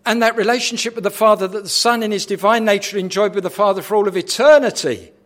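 A man with a high voice delivers a sermon. His delivery is dramatic, moving from quiet, hushed phrases to loud, forceful ones. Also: fast. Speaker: preacher.

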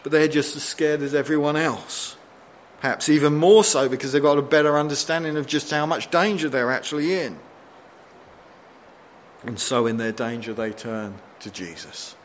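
A man preaching a sermon in a slightly raised voice. He reads scripture aloud, acts out the desperate quotes with mounting intensity, and slows right down to land his points. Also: slight background noise. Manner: expressive, rising pitch for dramatic quotes, slowing for emphasis.

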